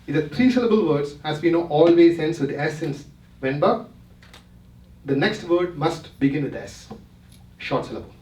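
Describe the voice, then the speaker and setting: Recorded at a distance in a large retreat hall, a man with a high-leaning, dark-toned voice talks at normal speed with lively intonation and long pauses. He guides listeners through each step, often confirming they understand.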